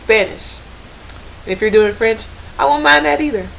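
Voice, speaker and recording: A woman's voice: on the high side, normal speed, gravelly, slight background noise. Chatty woman rambling to a webcam. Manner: chatty and rambling, many fillers and restarts. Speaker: language learner vlogger. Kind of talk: casual chat to camera. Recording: slightly dull lo-fi webcam recording.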